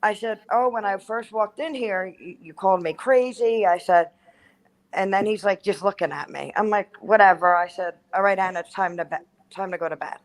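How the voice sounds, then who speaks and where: A woman's voice: mid-range voice, moderate pace, low-quality recording. A woman in her thirties telling a personal ghost story in casual chat, full of "like" and acted-out quotes. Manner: chatty, heavy use of "like", acts out quotes. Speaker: guest storyteller.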